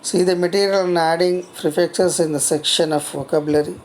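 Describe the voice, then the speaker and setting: A college lecturer giving a grammar lesson on spelling rules, speaking haltingly, restarting phrases and spelling words out letter by letter. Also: medium pitch, steady tone, a little hiss or hum.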